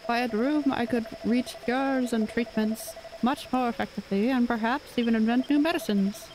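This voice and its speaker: A woman's voice: fairly high pitch, normal speed, darkish tone, slight background noise, close to an everyday voice, low-quality recording. Woman doing an earnest old doctor man. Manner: formal, old-fashioned speech. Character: older male town doctor, earnest.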